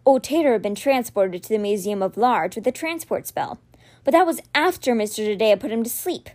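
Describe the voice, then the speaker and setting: A woman reading a children's fantasy novel aloud for a podcast, with expressive, dramatic storytelling. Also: a little high, a little fast. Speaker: podcast reader.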